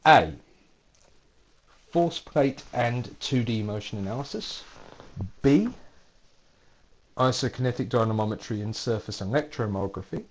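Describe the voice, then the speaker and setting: A man's voice: mid-range voice, unhurried, long pauses. A man, a university lecturer, reading out multiple-choice quiz questions with playful dry asides.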